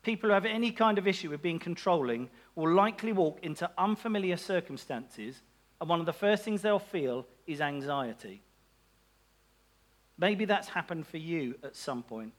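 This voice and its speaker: Male preacher, high voice, casual sermon delivery with playful asides. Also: lively intonation, moderate pace. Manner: chatty and self-mocking, with asides and laughs.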